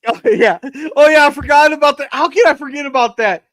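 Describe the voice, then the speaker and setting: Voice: high-pitched, brisk, fairly bright tone, dry recording. A co-host of a casual live-stream chat who jokes crudely, swears freely and reads viewer comments aloud.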